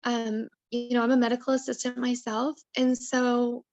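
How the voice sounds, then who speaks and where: Animated woman telling her story. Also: on the high side, moderate pace, no room sound. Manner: emotional, animated storyteller who acts out her own past words. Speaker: podcast guest. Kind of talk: personal storytelling interview.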